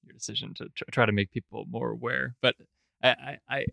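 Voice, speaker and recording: A man's voice: medium pitch, steady tone, a little fast, gravelly, pushed and bright, dry recording. A man chatting casually on a podcast, hesitant and full of stammered restarts. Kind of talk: casual chat.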